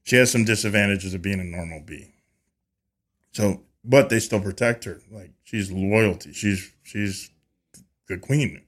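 A man guesting on a podcast, chatting casually and telling a lively story, acting out quoted dialogue with frequent restarts and repeated words. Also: lowish voice, unhurried, slightly rough. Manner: animated, acts out quoted dialogue with lively voices.

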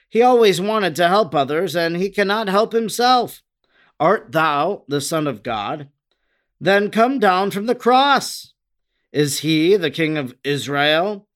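A man's voice: fairly high pitch, animated, unhurried, fairly bright tone. A man voicing a group of scornful Pharisees who jeer and sneer in a dramatic reading. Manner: jeering, raised and sneering. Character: scornful male Pharisees mocking in chorus.

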